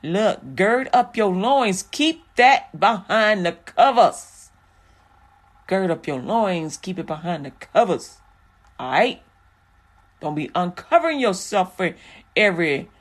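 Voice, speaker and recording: A woman's voice: lowish voice, animated, slow. A woman voicing God as an angry male figure, scolding and commanding. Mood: stern. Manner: scolding, preachy.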